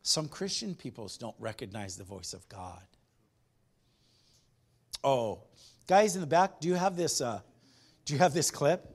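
A man's voice: medium pitch, very animated, measured pace, long pauses, a little mellow, husky. A man preaching a sermon as pastor, emphatic, repeating his phrases and putting questions to the congregation.

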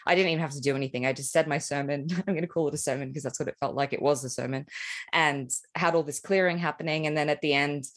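A young adult woman hosting a podcast, talking in a relaxed, chatty way with frequent "like" fillers and casual swearing. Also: low-pitched, quick pace. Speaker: podcast host. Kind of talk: casual conversation.

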